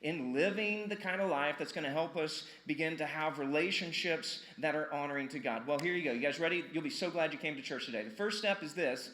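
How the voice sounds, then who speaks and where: A man preaching a sermon in an echoey church, with a bright, forceful, fairly high voice. He talks to the congregation like he is chatting with them, firing off questions and repeating key words for emphasis. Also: animated, fairly quick, hardly any pauses. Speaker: pastor. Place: church sanctuary.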